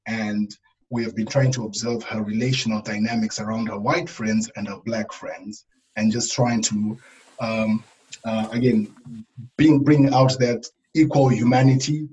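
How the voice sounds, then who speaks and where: A middle-aged man from Africa speaking thoughtfully in a panel discussion, pausing with fillers. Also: fairly low pitch, a little mellow, slight background noise, rough recording. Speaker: panel guest. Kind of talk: casual discussion.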